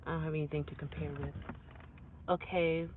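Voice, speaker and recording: A woman rideshare driver vlogging in a casual, rambling monologue, animated and full of repeats. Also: low-pitched, a little fast, background noise. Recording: tinny phone-like dry sound.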